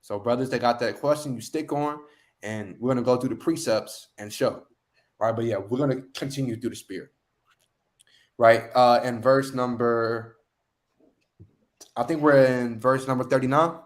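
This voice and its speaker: A man's voice: medium pitch, normal speed, pauses often. A man leading an online scripture lesson, preaching emphatically and often tagging lines with "man". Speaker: lesson teacher.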